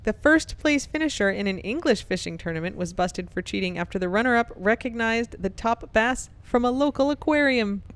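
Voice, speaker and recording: A woman's voice: on the high side, brisk, few pauses. Woman reading news stories on a podcast. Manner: reads articles in a steady newsy tone, breaks into laughs. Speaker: podcast co-host.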